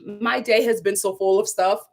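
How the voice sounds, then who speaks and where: A young woman hosting a live review stream, telling a story in an animated, dramatic way and laughing often. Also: medium pitch, normal speed. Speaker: host of a live reality-show review channel. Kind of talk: casual storytelling to a live chat.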